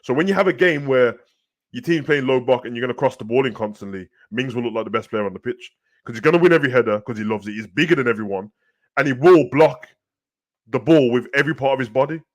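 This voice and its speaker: A man with a Birmingham accent runs through football talk in a loose, casual chat. He speaks in an animated way, heavy with slang. His pitch sits in the ordinary middle for a man. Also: fast talker. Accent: Birmingham English. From Birmingham, England. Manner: animated, slangy, repeats "bruv". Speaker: co-host.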